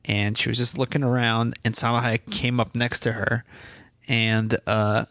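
A man's voice: mid-range voice, little pitch movement, normal speed, a bit bright, dry recording, studio quality. A man co-hosting a comedy podcast, telling stories in a rambling way full of fillers and laughing often. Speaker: podcast co-host. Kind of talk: casual comedic banter.

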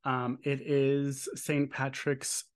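A man's voice: medium pitch, completely flat delivery, takes it slowly. A man hosting a horror podcast, talking in a playful, jokey, rambling way. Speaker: podcast host. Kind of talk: casual chat.

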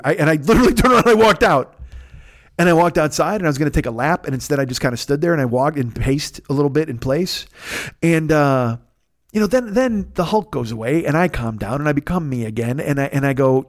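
A man's voice: on the high side, quick pace. A man telling a long profane story in a casual monologue, acting out each side of the conversation himself. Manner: profane, animated, acts out both sides of conversations. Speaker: podcast host.

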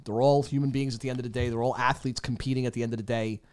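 A man's voice: mid-range voice, flat delivery, very fast, a little mellow, clear, resonant tone. A man co-hosting a casual sports podcast, joking around and laughing often. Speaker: podcast co-host.

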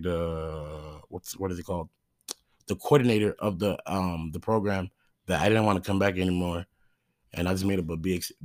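A young man with a deep, low voice tells a loose, meandering story about coaching kids' soccer, circling back with "you know what I mean" and restarts. The sound is close and dry, with no room echo. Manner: rambling, loses his thread, lots of fillers like "you know what I mean". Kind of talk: casual storytelling monologue.

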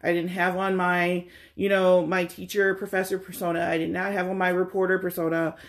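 A woman's voice: lowish voice, level tone, fairly quick. A middle-aged woman in a casual chat, animatedly retelling a frustrating errand and mimicking the other people's lines with exasperation.

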